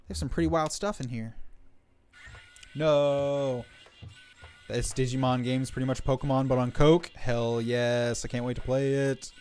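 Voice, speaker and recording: A man's voice: mid-range voice, steady tone, measured pace, long pauses, darkish tone, soft background music. A man streaming a game live, reading its dialogue aloud in a playful way and dropping jokey asides between lines.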